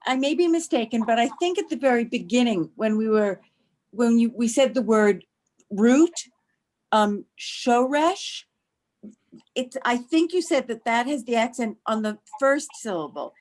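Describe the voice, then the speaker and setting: A woman's voice: a little high, lively intonation, normal speed, a little mellow. A woman, a student, politely and tentatively asking the teacher a question.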